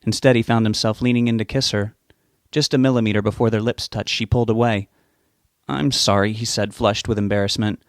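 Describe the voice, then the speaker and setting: A man narrating a novel as an audiobook reader, giving the characters' lines small lifts in pitch. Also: steady tone, fairly quick, no echo, studio quality.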